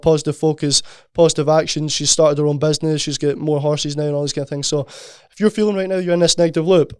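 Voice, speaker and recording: Man, podcast co-host, rapid earnest talk, level delivery, smooth clear voice. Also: fairly high pitch, darkish tone, no room sound, clean studio sound. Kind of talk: casual podcast conversation.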